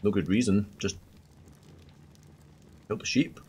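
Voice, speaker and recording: A man's voice: fairly low pitch, slow, darkish tone, breathy edge. A man casually commentating a strategy game, joking and chatting with his viewers. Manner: joking and chatty, addressing chat. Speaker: streamer.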